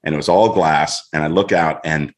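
A middle-aged man, a guest on a show, telling a story in an animated way and acting out voices as he goes. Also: rumbling low, moderate pace. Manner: lively, acts out voices in his story.

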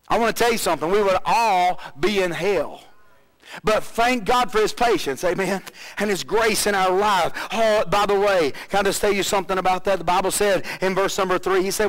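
Pastor, male, high voice, preaching with lots of questions, fervent then hushed. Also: rough recording. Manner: preaching with rising and falling intensity, many rhetorical questions. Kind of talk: sermon.

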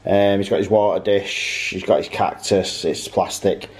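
A man giving a relaxed, easygoing tour in a casual home vlog, indoors at home. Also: low-pitched, moderate pace, rough recording. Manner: relaxed and easygoing, showing things around.

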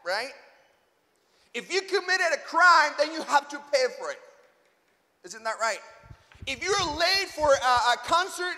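High, bright-voiced man preaching in an echoey hall. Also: a little slow, pauses often. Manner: animated, acts out dialogue, rising to near shouts. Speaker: chapel speaker. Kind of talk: sermon with personal storytelling. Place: school chapel hall.

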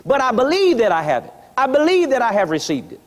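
A man's voice: very high-pitched, wildly swooping pitch, quick pace. A man preaching a sermon in a large church, teaching emphatically and firing repeated questions at the congregation. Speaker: pastor. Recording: long reverb of a large hall.

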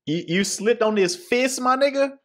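A man hosting a reaction video, trash-talking in a profane, mocking, excitable way, his voice going hoarse. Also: very high voice, normal speed. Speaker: YouTube reaction host. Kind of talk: casual reaction commentary.

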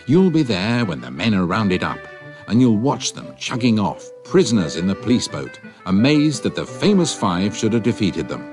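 A man narrating a children's adventure story in an expressive storytelling manner. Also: fairly low pitch.

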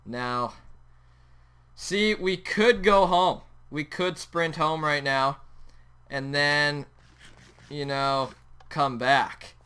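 A young man hosting a Minecraft let's play, talking excitedly over his gameplay and yelping at sudden moments. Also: on the high side, extremely slow, pauses often, clear, resonant tone. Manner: excitable, yelps and shouts at the game. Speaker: gaming channel host.

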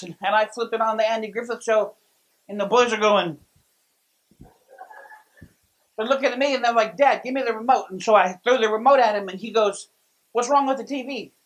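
A man preaching a sermon as pastor, telling stories with lively delivery and frequent restarts. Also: high-pitched, normal speed, poor audio. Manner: storytelling, lively, many restarts.

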